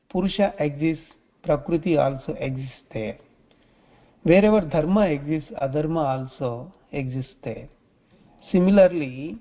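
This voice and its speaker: A man teaching scripture in a religious talk, halting often and repeating phrases as he restarts. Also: a little high. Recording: dull lo-fi recording.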